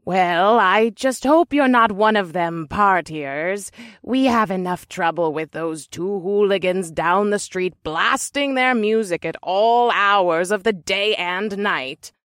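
A man voicing a nosy, chain-smoking old woman neighbor with a husky, wheezy voice and mock-sweet cheer in an audiobook story. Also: sits high, slow, fairly bright tone, dry recording, clean studio sound, pitched above the performer's own voice. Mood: disapproving. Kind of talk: audiobook character voice.

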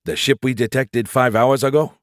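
Playing a gruff senior colonel in command of a ship, a man issues terse, matter-of-fact orders. His mid-range voice stays fairly even at a moderate pace, close to everyday speech, recorded cleanly in a studio with no echo.

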